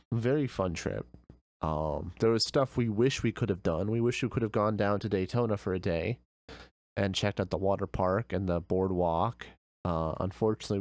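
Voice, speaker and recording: A man's voice: lowish voice, a little mellow, no room sound. Rambling young man chatting casually. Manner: rambling, filler-heavy storytelling. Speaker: streamer. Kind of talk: casual chat.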